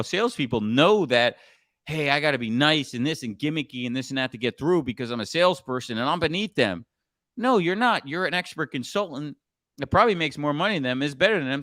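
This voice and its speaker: Blunt animated middle-aged man. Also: mid-range voice, no echo, studio quality. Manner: blunt, animated storytelling with profanity. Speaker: sales coach and podcast host. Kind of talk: casual podcast chat.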